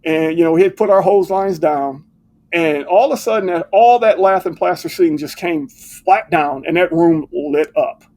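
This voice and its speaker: A man's voice: fairly high pitch, normal speed. An older man, a retired fire captain, telling stories in a casual interview and acting out the lines of old colleagues. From United States. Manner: animated storyteller who acts out quoted dialogue.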